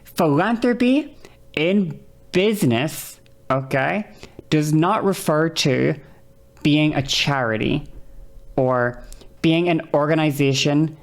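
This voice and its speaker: A woman's voice: sits low, slow pace. A woman streamer arguing heatedly with her chat, exasperated and swearing often as she rants.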